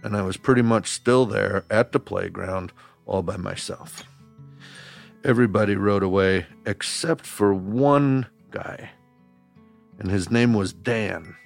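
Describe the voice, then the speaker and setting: A man's voice: on the low side, slow, creaky, faint music behind. A man from Wisconsin, hosting a children's podcast as a camp counselor, telling a story straight to young listeners with homespun phrases.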